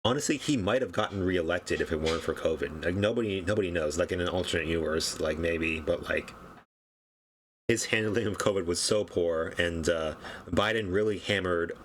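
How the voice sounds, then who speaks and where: Deep-voiced man rambling offhand commentary. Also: a little fast, fairly bright tone, slight background noise. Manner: rambling, offhand, chuckles at his own points. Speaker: political commentary YouTuber. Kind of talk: casual political commentary.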